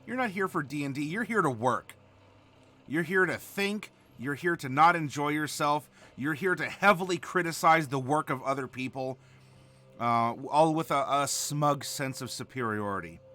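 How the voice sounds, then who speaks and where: A man's voice: on the high side, moderate pace, sharp tone. A man hosting a casual online discussion of game rules, talking in a mock-stern, sarcastic, joking way. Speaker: host.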